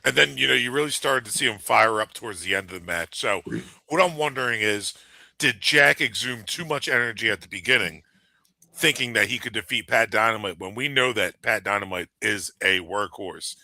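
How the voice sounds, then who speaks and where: Low, gravelly, sharp-toned male co-host, emphatic and chatty; dry close sound. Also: brisk, no echo. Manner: emphatic, says "dude" and "you know what I mean". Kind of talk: casual podcast chat.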